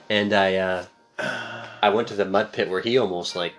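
A young man with a low-pitched voice tells a story in a loose, rambling way, slipping into other voices when he quotes people. Soft music plays faintly underneath. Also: fairly even intonation, normal speed. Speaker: podcast co-host. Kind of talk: casual storytelling chat.

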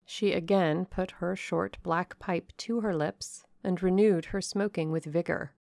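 A woman narrating a classic novel in measured, even audiobook style. Her voice is low and slow with a gravelly fry. The recording is dry and close. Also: no echo. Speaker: audiobook reader.

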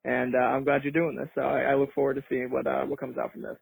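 A man's voice: medium pitch, completely flat delivery, fast, creaky, slightly rough, no echo. A man from Massachusetts leaving an earnest, rambling voicemail over the phone. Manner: earnest, rambling, many fillers. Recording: tinny phone line.

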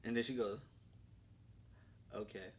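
Bright-voiced storytelling man. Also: medium pitch, fast talker. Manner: animated storytelling, quoting others, many restarts. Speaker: podcast co-host. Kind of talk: casual chat. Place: studio.

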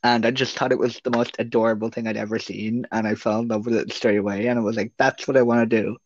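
A man's voice: on the low side, flat delivery, quick pace, darkish tone, dry recording. Young Irish man, hesitant podcast guest. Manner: rambling, hesitant, lots of ums. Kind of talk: casual interview chat. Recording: dry, muffled lo-fi audio.

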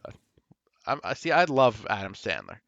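A relaxed man trading jokes as a podcast co-host. He swears offhandedly and keeps things loose. His voice comes through a dry, slightly muffled mic. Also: lowish voice, normal speed, dry recording. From Canada (Toronto). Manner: joking, laid-back, swears casually. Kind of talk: casual podcast banter.

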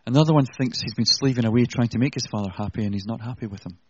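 Man delivering a sermon, earnest and conversational with wry asides, slightly husky; dull, muffled recording. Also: medium pitch, rapid-fire. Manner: earnest, conversational preaching with self-deprecating asides. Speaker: preacher.

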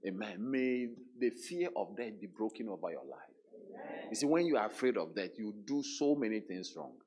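A man preaching a sermon, emphatic, repeating words and dropping into hushed quotes. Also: on the low side, animated, moderate pace, slight background noise.

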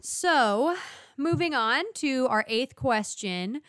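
A young woman leading a casual book discussion, reading out questions and reacting in a lively way. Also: sits high, slow, clean tone, no echo. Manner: lively, laughs often, reads out questions. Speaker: discussion co-host asking questions.

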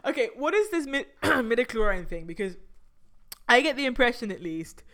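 Woman cohosting a chatty podcast, kinda high voice, teasing and opinionated. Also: very animated, moderate pace, fairly bright tone. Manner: opinionated, teasing, says "reckon". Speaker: podcast co-host. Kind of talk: casual chat.

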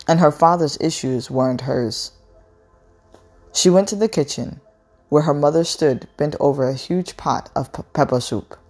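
A woman reading a novel aloud in a measured, unhurried way, with an occasional stumble over a word. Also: rumbling low, darkish tone.

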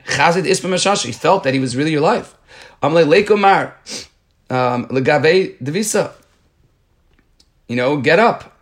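A Talmud teacher works through a page, first reading the Aramaic aloud and then explaining it in English with frequent restarts. His voice is a little high and a bit bright.

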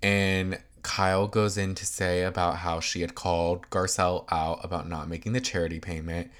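Guy recapping reality tv, bright tense voice, gossipy and opinionated, says like a lot. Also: low-pitched, little pitch movement, normal speed. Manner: chatty, opinionated, lots of "like" fillers.

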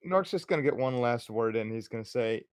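Measured tabletop player, dry sound. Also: mid-range voice, lively intonation, no room sound. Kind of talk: tabletop role-play, in character.

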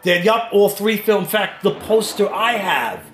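A man with a New York accent chatting on a film commentary track, halting and restarting often. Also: sits high, lively intonation, fairly bright tone, a little hiss or hum. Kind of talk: casual commentary-track chat. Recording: echoey room with faint music.

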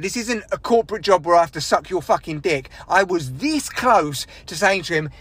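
A man hosting his own podcast, delivering an angry, sweary monologue about a bad gig with bursts of shouting. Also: high voice, very animated, a little fast, few pauses, slightly rough, no echo. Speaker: podcast host. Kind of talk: solo ranting podcast monologue.

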